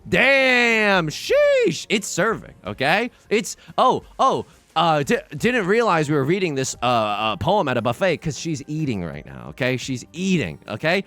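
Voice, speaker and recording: Lively young man commenting on his game. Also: a little high, moderate pace, few pauses. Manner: animated, jokey, talks to chat, sudden loud outbursts. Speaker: let's play streamer.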